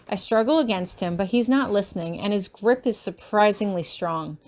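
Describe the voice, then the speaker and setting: A woman's voice: mid-range voice, normal speed, darkish tone. A woman reading a first-person fan story aloud, emotional and urgent, with a shaky voice in tense moments. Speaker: fanfiction reader.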